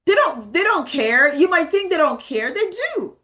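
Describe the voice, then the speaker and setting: A woman's voice: high-pitched, sing-song, moderate pace, pushed and bright. A woman in her thirties giving a realtor training talk, emphatic and repeating key words as she tells stories from her work. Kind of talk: motivational training talk with anecdotes.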